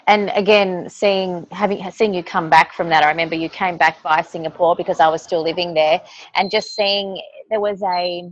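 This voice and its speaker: A woman's voice: lowish voice, fairly even intonation, normal speed, no echo. A woman co-hosting a casual podcast chat, talking in an effusive, emotional way over a dull remote line. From Australia. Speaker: podcast co-host.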